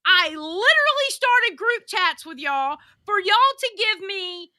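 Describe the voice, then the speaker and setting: A blunt female co-host with a very high, sharp voice complains and swears her way through a casual livestream chat. Her pitch moves widely, and the dry close sound has no room echo. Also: expressive, a little slow.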